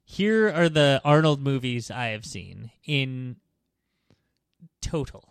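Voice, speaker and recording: A man's voice: mid-range voice, lively intonation, takes it slowly, creaky, clean tone, no echo, studio quality. A man co-hosting a pop culture podcast, chatting casually with playful, teasing banter. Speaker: podcast co-host. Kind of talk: casual chat.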